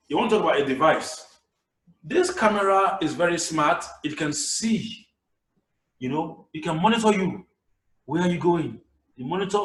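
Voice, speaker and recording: A man with a Nigerian accent giving a public speaking webinar over a video call, lively and acting out his examples. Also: a little high. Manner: animated, acts out examples. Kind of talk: webinar lecture. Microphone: video call camera mic. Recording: echoey room, voice distant from mic.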